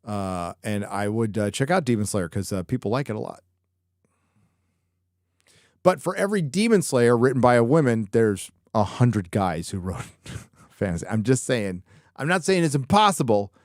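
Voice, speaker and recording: A live show host answers viewer chat in a casual, rambling way, swearing a lot and cracking jokes. His mid-range voice swings widely in pitch at normal speed, with clean studio sound and no echo.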